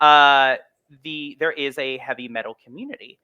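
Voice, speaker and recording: A man's voice: medium pitch, steady tone, moderate pace, bright, forceful tone, clean tone, dry recording, muffled recording. A man hosting a podcast, talking casually and rambling with many fillers on a close mic. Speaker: podcast host. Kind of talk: casual conversational podcast talk.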